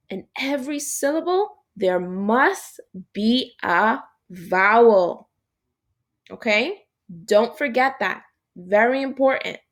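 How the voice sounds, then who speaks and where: Woman teacher, phonics lesson for children, animated, encouraging, slow delivery. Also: fairly high pitch. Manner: slow, animated, encouraging, talks to an unseen class.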